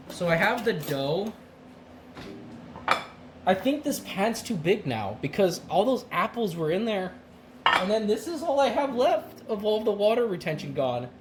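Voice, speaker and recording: A chatty streamer cooking at home on a live stream, mid-pitched voice with plenty of laughs, and a clear hiss of noise under everything. the talk jumps around, full of restarts and asides. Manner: rambling, chatty, laughs often. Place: home kitchen.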